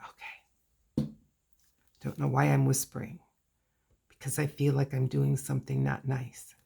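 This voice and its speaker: A woman's voice: very deep voice, flat delivery, moderate pace, gravelly, dark tone, husky. A woman hosting a casual crafting video, chatting and talking to herself while she works on a journal.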